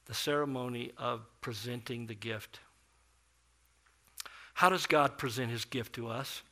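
A middle-aged man preaching a sermon as a pastor, telling a story with big swings between loud and soft. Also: medium pitch, fairly even intonation, unhurried.

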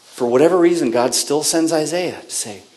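A man's voice: on the high side, moderate pace. Man preaching a conversational sermon. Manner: conversational storytelling, lively with frequent self-corrections. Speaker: pastor.

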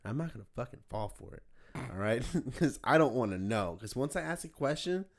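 A young man in relaxed podcast chat, spinning wild stories with lots of swearing and laughter. He jumps into other people's voices as he tells them, lively and animated throughout. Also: medium pitch, a little fast. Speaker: podcast co-host. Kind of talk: casual storytelling chat.

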